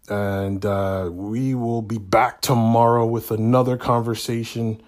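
A man's voice: fairly low pitch, fairly even intonation, measured pace, few pauses. A man hosting his own podcast show, talking casually and rambling with lots of fillers and restarts. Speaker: podcast host. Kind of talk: casual solo chat.

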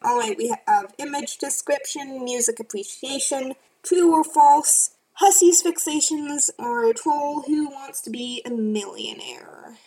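A woman's voice: high voice, a little slow, few pauses, mellow, poor audio. A woman co-hosting a casual podcast, making dry, matter-of-fact corrections. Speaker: podcast co-host.

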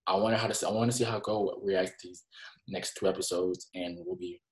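A man's voice: sits low, fairly even intonation, a little fast. A man casually reviewing anime with a co-host, using slang and acting out his own reactions. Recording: echoey room.

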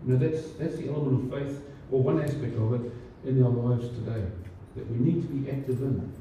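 Mellow-voiced pastor in an echoey hall. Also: male voice, mid-range voice, steady tone, brisk, a little hiss or hum. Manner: conversational, many fillers and restarts. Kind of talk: sermon. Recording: distant, roomy, dull church recording.

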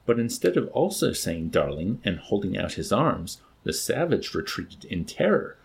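Low, husky-voiced male narrator. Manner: expressive, dramatic reading. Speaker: audiobook narrator. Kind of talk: scripted narration.

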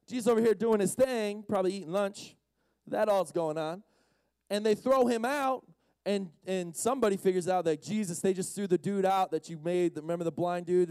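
High-voiced man giving a casual sermon. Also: no echo. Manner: animated, acts out the characters in a retelling, slangy. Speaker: speaker at a Friday night session.

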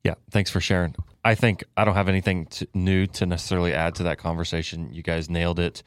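A man hosting a podcast discussion, relaxed and affirming as he wraps up. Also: low voice, fast, no room sound. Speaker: podcast host. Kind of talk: casual discussion.

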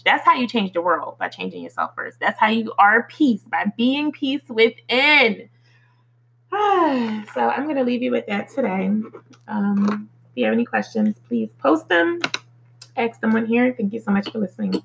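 A woman hosting a motivational podcast, who recites affirmations slowly and earnestly, then talks in a chatty way with fillers. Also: mid-range voice, sing-song, creaky, fairly bright tone, slight background noise, poor audio. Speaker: podcast host.

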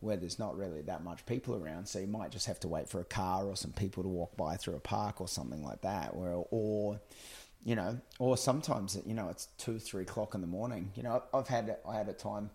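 Man, guest, laid-back rambling talk, lowish voice. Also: a little fast, darkish tone. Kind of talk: casual chat.

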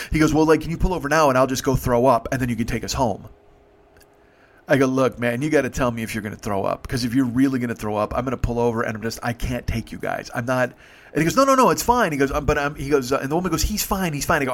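A man, a rideshare driver, casually telling stories and acting out dialogue, swearing freely. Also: mid-range voice. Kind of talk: casual storytelling monologue.

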